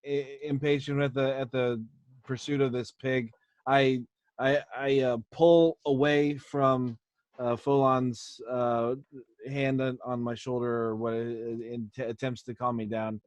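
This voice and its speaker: A man playing a tabletop role-playing game, describing his character's actions haltingly and with stammering restarts. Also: mid-range voice, level tone, darkish tone, no echo. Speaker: player.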